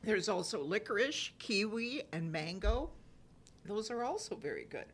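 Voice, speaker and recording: A woman's voice: mid-range voice, very animated, moderate pace, a bit bright, slightly rough. A woman co-hosting a casual chat, telling wry stories while fighting a cough. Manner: chatty storyteller, wry humor. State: coughing cold. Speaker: co-host.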